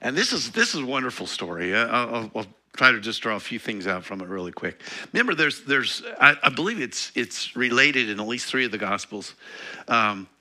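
A man teaches his congregation in a relaxed, conversational sermon, reading out scripture and then talking it through. His voice is very bright and ringing, and his pitch rises and falls animatedly as he goes. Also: a little fast. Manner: conversational teaching with laughs and self-corrections. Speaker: pastor.

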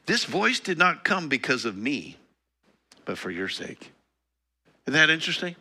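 A man teaches his congregation in a relaxed, conversational sermon, reading out scripture and then talking it through. His voice is very bright and ringing, and his pitch rises and falls animatedly as he goes. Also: slightly rough. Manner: conversational teaching with laughs and self-corrections. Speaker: pastor.

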